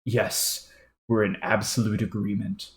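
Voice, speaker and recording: A woman's voice: extremely low pitch, level tone, measured pace. A woman voicing a stiff, haughty male troll aristocrat who speaks in a formal, stilted way, in a roomy-sounding recording. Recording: roomy echo.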